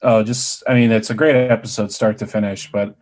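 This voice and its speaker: A man co-hosting a podcast in casual chat, easygoing and relaxed. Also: lowish voice, brisk. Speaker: podcast co-host.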